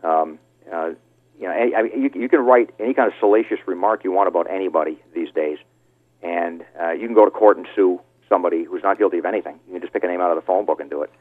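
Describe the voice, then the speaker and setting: A man's voice: sits low, fast talker, dry recording. A middle-aged man speaking as a guest on a radio show, talking with passion and indignation, with many fillers and restarts. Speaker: call-in guest, father of a fallen Marine. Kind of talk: heated phone interview. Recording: tinny phone line.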